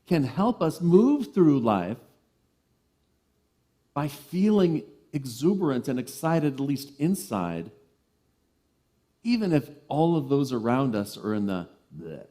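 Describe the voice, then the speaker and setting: A man giving a sermon as a reverend, animated and playful, telling lively stories. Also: mid-range voice, slow pace, pauses often.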